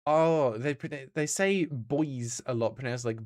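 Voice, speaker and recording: A man's voice: medium pitch, unhurried, darkish tone. An Australian man streaming games, chatting casually and answering his chat as he plays.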